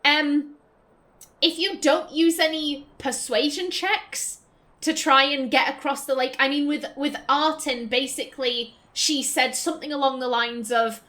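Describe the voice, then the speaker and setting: A woman's voice: sits high, fairly even intonation, a little slow, bright, forceful tone. A woman hosting a let's play, chatting casually and exclaiming as she plays, with playful swearing. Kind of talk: casual gameplay commentary.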